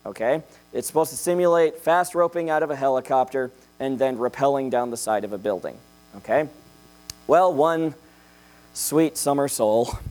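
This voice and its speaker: A young man preaching a sermon in a jokey, animated way, checking in with "okay?" after each point. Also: a little high.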